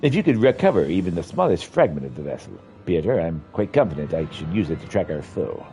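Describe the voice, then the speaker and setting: A man voicing a talkative, eager male airship engineer from a game, with brisk, enthusiastic delivery. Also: low-pitched, big pitch swings, dark tone, a little hiss or hum. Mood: confident. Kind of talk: reading game dialogue aloud.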